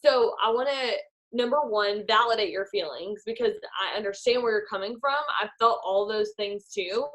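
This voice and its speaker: A woman's voice: mid-range voice, moderate pace, fairly bright tone, rough recording. A woman coaching her sales team over a video call in a chatty way, full of "like" and "um". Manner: chatty, filler-heavy, acts out quoted voices. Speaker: team leader. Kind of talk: motivational team talk.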